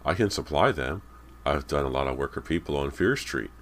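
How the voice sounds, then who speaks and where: A big handyman, voiced by a male narrator, speaks in a deep, easygoing way. His offers sound smooth in this creepy storybook reading. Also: lively intonation, brisk, fairly bright tone, heavily acted.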